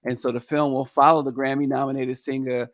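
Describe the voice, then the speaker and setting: A male morning show host talking through the news in a loose, chatty way, often pausing on fillers and restarting phrases. His voice sits at a middling pitch and is picked up close and dry on a studio mic, with no room sound around it. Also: level tone, no echo. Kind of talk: news talk and casual commentary.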